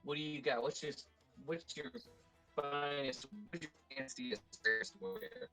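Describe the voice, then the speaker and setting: A man's voice: fairly high pitch, huge pitch swings, measured pace, creaky, sharp tone, soft background music, full character voice, poor audio. A man putting on a thick-accented dwarf. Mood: greedy. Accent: put-on dwarven. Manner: thick, hard to follow. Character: gruff male dwarf adventurer.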